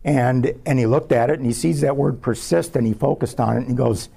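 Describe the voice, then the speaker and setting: A man, a scientist, giving a public talk as a measured personal story about his research. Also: medium pitch, vocal fry, warm tone, slightly rough. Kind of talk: lecture told as a personal story.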